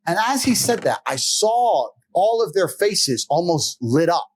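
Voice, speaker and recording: Cocky guy telling stories on a podcast, swears a lot, highish voice that jumps all over. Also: very animated, measured pace. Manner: brash, swaggering and profane, laughing between boasts. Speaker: interview guest. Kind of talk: casual storytelling in a podcast interview.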